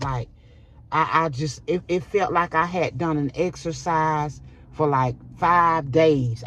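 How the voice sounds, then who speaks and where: A middle-aged woman vlogger telling a personal story in an animated way, with dramatic exclamations. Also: sits low.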